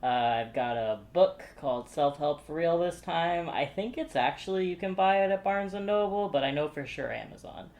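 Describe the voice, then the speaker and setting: A man's voice: on the high side, lively intonation, moderate pace, few pauses, darkish tone. A man co-hosting a casual podcast, easygoing and laughing often between remarks. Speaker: podcast co-host.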